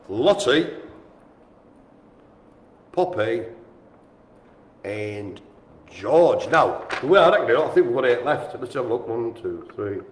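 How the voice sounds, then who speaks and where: A man calling a live-streamed bingo game in an indoor room with a small audience, chatty and teasing. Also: mid-range voice. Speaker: bingo caller. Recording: echoey room.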